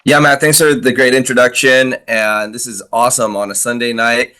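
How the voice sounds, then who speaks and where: A man who founded the company speaks over a video call. His pitch sits in the middle for a man, and his answers come short and quick as he sets up the recording. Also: steady tone, bright, forceful tone. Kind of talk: casual chat on a video call.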